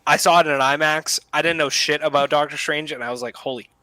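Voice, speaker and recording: A young man hosts a casual film chat, excitable and full of swearing and laughter. His voice is bright and forceful and sits a little high. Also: quick pace. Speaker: podcast host.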